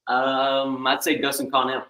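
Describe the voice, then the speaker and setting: A man's voice: medium pitch, completely flat delivery, unhurried, sharp tone, reverberant, poor audio. A man on a podcast giving short, hesitant answers in casual chat.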